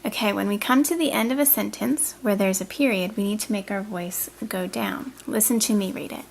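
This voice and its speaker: A woman's voice: medium pitch, a little fast, a little hiss or hum. Patient woman teaching reading. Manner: clear, patient, encouraging, models reading aloud. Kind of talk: instructional coaching and voice-over.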